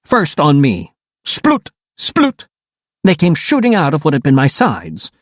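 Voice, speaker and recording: A man reading a first-person audiobook in a wry, animated storytelling manner. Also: a little high, moderate pace, dry recording, clean studio sound. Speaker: audiobook narrator.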